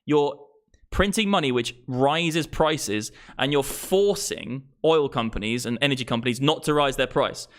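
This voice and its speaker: A man's voice: medium pitch, measured pace. Profane, exasperated man ranting. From England. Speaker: crypto streamer. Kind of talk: ranting live stream.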